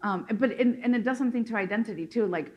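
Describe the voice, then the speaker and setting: A woman from Mexico chats on a panel in an animated, laughing way. She restarts her sentences often and fills the gaps with ums and likes. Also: a little high, fast talker, dull audio. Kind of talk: casual panel discussion.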